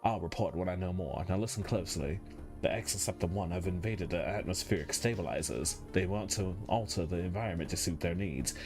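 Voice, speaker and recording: A man's voice: sits low, a little fast, over music. A man voicing a stern male ship computer with a put-on British accent, giving formal, clipped orders.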